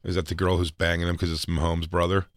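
A man co-hosting a podcast in casual comedic banter, riffing crudely into dark absurd bits. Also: low voice, completely flat delivery, quick pace, noisy background. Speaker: podcast co-host.

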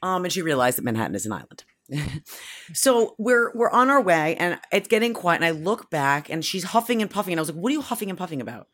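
A woman's voice: lowish voice, very animated, fairly quick, fairly bright tone. A woman in her thirties co-hosting a casual podcast chat, telling family stories and acting out the voices of her kids and husband. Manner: chatty storyteller, acts out family members. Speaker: podcast co-host.

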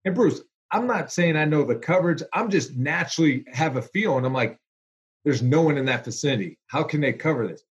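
A former NFL quarterback appears as a guest in a casual storytelling interview, chatting animatedly and briskly with plenty of fillers. His voice is slightly high.

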